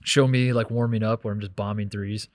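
A man's voice: fairly low pitch, fairly even intonation, brisk, no echo, clean studio sound. A man co-hosting a sports podcast, chatting casually, joking about himself and laughing often. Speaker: podcast co-host.

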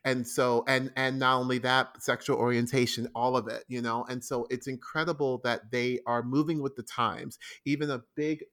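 A man's voice: mid-range voice, level tone, normal speed, few pauses, fairly bright tone. A man, a stage actor, chatting as an interview guest, enthusiastic and rambling, with frequent restarts and fillers. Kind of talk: casual interview chat.

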